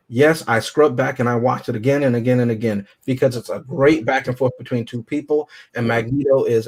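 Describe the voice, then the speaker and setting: Heard through poor audio, this mid-range male voice belongs to an eager movie review panelist in a laid-back podcast conversation. He keeps asking "right?" and "you know what I mean?"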